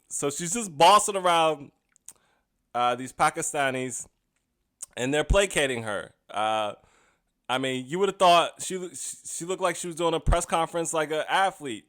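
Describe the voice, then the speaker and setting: A man's voice: a little high, animated, moderate pace, a bit bright. A comedian and podcast host giving a casual comedic monologue. He is chatty and often laughs at his own jokes.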